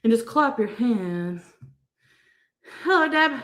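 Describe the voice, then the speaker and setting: A woman chats on her own live stream, rambling and hesitant and greeting viewers by name. Her voice sits fairly high. The room is echoey. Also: lively intonation, takes it slowly, fairly bright tone. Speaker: vlogger being watched. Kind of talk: casual live-stream chat.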